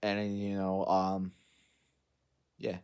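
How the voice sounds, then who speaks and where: Man, lowish voice, loose unscripted movie recap, rambling with lots of fillers and restarts. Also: monotone, takes it slowly, darkish tone, clean tone. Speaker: movie vlogger.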